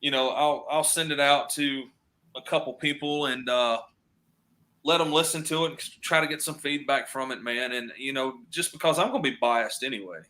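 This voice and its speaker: A man's voice: medium pitch, moderate pace, sharp tone. A man, a guest chatting casually on a podcast and telling stories with acted-out quotes. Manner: storytelling, acts out quoted voices, drawling repeats.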